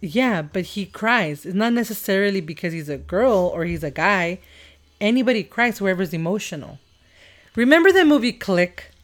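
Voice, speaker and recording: A woman's voice: medium pitch, animated, normal speed. A woman hosting a casual podcast chat with her child, rambling and laughing often as she tells stories. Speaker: podcast host and mother.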